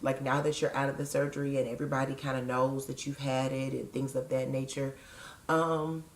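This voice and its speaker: Low-voiced woman, frank chatty vlogger. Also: reverberant. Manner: frank, digressive, joking asides. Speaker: vlogger sharing weight-loss surgery experience. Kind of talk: casual chatty vlog.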